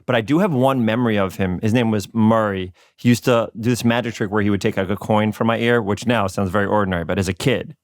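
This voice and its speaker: A man's voice: on the low side, fast talker, hardly any pauses, no room sound, clean studio sound. Playful, laughing man on a podcast. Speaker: podcast guest. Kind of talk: casual chat.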